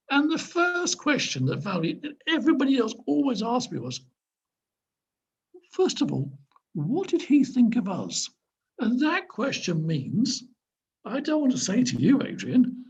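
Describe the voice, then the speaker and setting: Husky guy, mentor on a call, voice swings all over, kinda dull lo-fi sound. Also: very high voice, a little slow. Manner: emphatic, lively advice-giving. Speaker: career mentor. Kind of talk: advice in an online mentoring session. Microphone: video call. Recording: dull video call audio.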